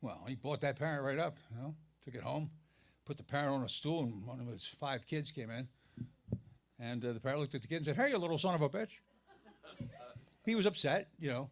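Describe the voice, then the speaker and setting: A man's voice: medium pitch, animated, brisk. A man doing a stand-up comedy set, telling a long joke in a rambling, self-interrupting way. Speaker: stand-up comic. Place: live comedy venue.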